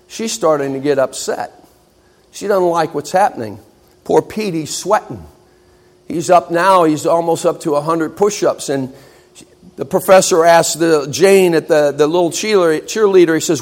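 A man preaching, telling a story and acting out its people, swinging from loud to hushed. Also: mid-range voice. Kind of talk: sermon illustration story.

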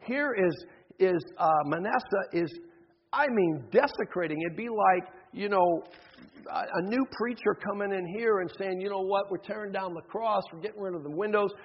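A male pastor gives a fervent sermon and switches into the voices of biblical figures as he tells the story. His voice is high and husky. The audio is muffled and carries a long hall reverb. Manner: impassioned, acts out biblical figures.

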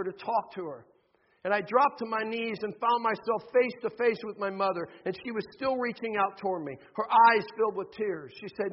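A man with a high, husky voice delivers a sermon, reading a testimony in hushed tones and then pressing his points emphatically. He speaks in a church sanctuary. The recording is dull and washed in long reverb. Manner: soft, hushed storytelling turning to emphatic preaching. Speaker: pastor. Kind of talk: sermon with read-aloud testimony.

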